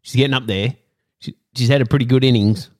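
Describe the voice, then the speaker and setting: A man's voice: mid-range voice, steady tone. A man co-hosting a podcast, bantering casually and teasing his co-host on a headset mic. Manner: teasing, playful, quick to laugh.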